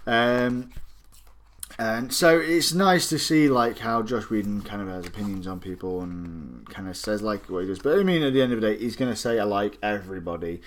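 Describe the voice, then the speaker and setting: A man gives a relaxed collectibles review. He rambles from point to point, throwing in jokey asides and plenty of fillers along the way. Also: fairly low pitch, normal speed. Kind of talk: casual review vlog.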